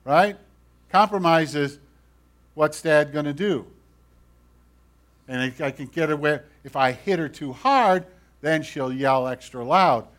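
Speaking a little slowly in a somewhat high voice, a male pastor delivers an earnest, pleading sermon. His volume rises to loud emphasis and drops to quiet asides, and he asks the congregation direct questions.

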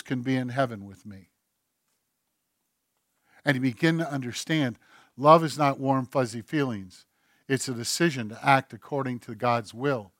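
A man's voice: on the high side, no room sound. Man preaching a sermon, dry close sound. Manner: swings between hushed and emphatic, acts out God's voice. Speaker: pastor.

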